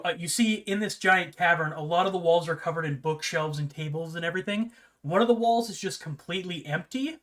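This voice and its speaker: A man running a tabletop game, narrating in a relaxed, rambling way. His voice sits slightly high. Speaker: game master.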